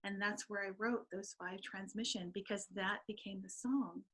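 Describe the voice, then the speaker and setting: A middle-aged woman, a guest author, reads her own poetry aloud in an interview in a slow, earnest, incantatory way. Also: medium pitch, steady tone, a bit bright, breathy edge, rough recording.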